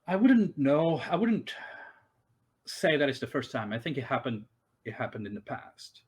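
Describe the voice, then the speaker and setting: A man runs a tabletop game at an ordinary middle pitch. He talks haltingly, full of fillers and restarts, answering the players as the characters they meet. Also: very animated, a little mellow, slightly rough. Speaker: game master.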